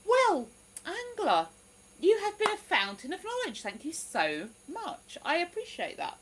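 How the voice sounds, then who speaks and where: A woman's voice: very high-pitched, huge pitch swings, a little slow, poor audio. A woman hosting a livestream, chatting casually and reading out viewer comments with frequent exclamations. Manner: chatty, exclamatory, lots of "ooh". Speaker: livestream host.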